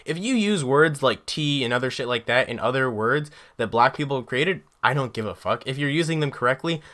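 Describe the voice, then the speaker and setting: A man's voice: mid-range voice, expressive, fairly quick, pushed and bright. A man co-hosting a casual podcast chat, emphatic and profane as he makes his point. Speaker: podcast co-host.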